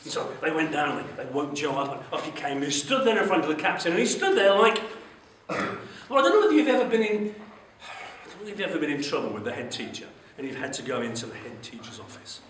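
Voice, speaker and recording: A man tells a Bible story to schoolchildren in an animated, question-asking way. His voice sits high for a man. He is heard from a distance in a strongly echoing school hall, with a faint noise underneath. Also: quick pace. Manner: animated, asks the children questions.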